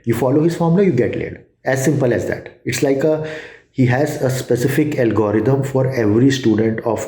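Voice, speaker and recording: A man with an Indian accent giving a casual testimonial, halting with many fillers and restarts. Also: mid-range voice, warm tone, reverberant.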